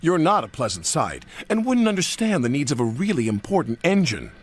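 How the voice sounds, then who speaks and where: A man's voice: fairly high pitch, big pitch swings, fairly quick, slightly rough, voice pushed up. A man voicing a vain, boastful male steam engine with a haughty, show-off manner. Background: music.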